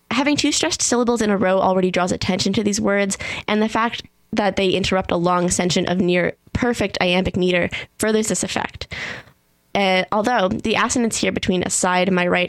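A young woman reading a prepared literary analysis in a measured, analytical way. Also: mid-range voice, vocal fry, no echo, rough recording.

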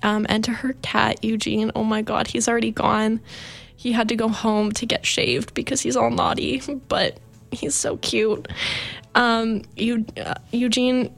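A young woman hosting her college radio show chats into a studio microphone in a sentimental farewell, rambling, heartfelt, and full of fillers. Her voice is on the high side, flat and unhurried, with vocal fry.

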